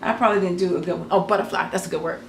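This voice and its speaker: An American craft channel host, a woman with a lowish, steady voice, races through a casual explanation to camera. She rambles hesitantly with lots of ums and self-corrections, recorded in an echoey room with faint noise.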